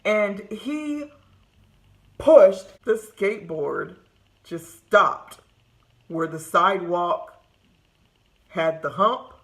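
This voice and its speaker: A woman's voice: medium pitch, very slow, pauses often. A woman from California telling funny childhood stories straight to the camera, laughing often and acting out what people said. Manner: laughs often, lively retelling with acted quotes. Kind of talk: casual storytelling to camera. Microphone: camera close-up.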